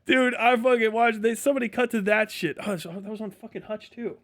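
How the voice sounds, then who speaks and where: A man with a voice pitched high for a man rants through casual livestream commentary. He swears freely and keeps breaking into laughter as he talks. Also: a little fast, a bit bright. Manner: profane, ranting, laughs often. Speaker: streamer.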